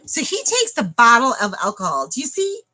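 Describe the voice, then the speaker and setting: A woman vlogger spins a dramatic homestead tale straight to the camera. Her voice is bright and forward, and her pitch swoops up and down freely as she tells it. She talks to the viewers as if they were sitting across from her. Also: a little fast, low-quality recording. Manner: animated, dramatic storyteller who addresses viewers directly. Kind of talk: casual storytelling to camera.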